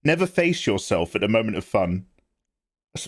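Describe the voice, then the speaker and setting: Animated joking man streaming. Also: fairly low pitch, brisk. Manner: joking, animated, reads out viewer names and replies to chat. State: tired. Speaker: art livestreamer. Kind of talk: casual livestream chat.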